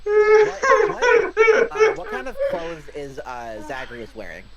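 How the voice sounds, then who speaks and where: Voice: very high voice, takes it slowly, lo-fi sound, a crowd in the background. A player in a tabletop game, chatty and asking questions. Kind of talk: casual chat, tabletop game.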